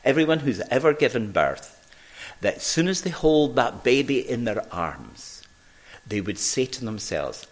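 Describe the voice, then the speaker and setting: Slow, measured man preaching a sermon. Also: mid-range voice, very animated. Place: church.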